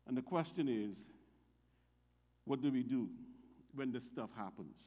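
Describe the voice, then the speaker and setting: A man's voice: medium pitch, expressive, unhurried, big-room sound, dull audio. A man preaching a sermon as pastor, reading scripture aloud with emphatic rises on the quoted lines.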